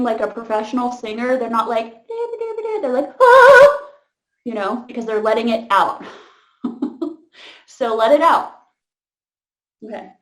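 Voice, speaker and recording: A woman leading an interactive voice workshop, chatty and laid-back, laughing often and filling pauses with "um" and "like". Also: fairly high pitch, reverberant. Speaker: voice workshop leader.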